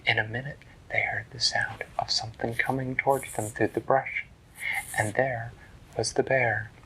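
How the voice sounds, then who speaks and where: A man narrating a bedtime story in a hushed, slow, gentle whisper. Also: medium pitch, little pitch movement, gravelly, a little hiss or hum, low-quality recording.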